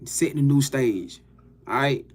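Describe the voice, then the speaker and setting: A man's voice: medium pitch, unhurried. A man giving a loose, profane, hyped-up motivational pep talk to his viewers as a livestream host.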